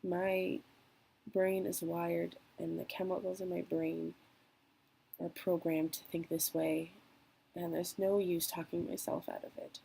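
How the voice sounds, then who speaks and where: Husky, low-toned young woman vlogging. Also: little pitch movement, warm tone, low-quality recording. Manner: candid, emotional, trailing pauses. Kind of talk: personal confessional vlog.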